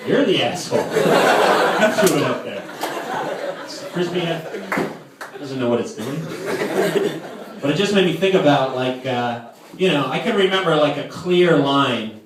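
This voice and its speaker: Brief: young male stand-up comic, rambling filler-heavy delivery, heard far off in a very echoey hall. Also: mid-range voice. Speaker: camp counselor doing stand-up. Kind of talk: live stand-up comedy. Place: camp hall with live audience. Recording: echoey distant room with noise.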